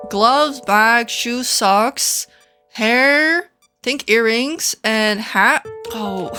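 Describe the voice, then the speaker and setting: A woman from the Netherlands, chatting casually as she reviews game outfits, quick to react with dramatic mock outrage. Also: a little high, bright, forceful tone. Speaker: gaming content creator.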